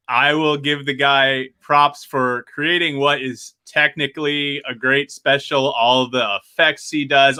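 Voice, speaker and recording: Podcast guy, blunt and chill, bright punchy voice. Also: medium pitch, clear, resonant tone. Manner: blunt, laid-back, joking. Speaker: podcast co-host. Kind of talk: casual review podcast.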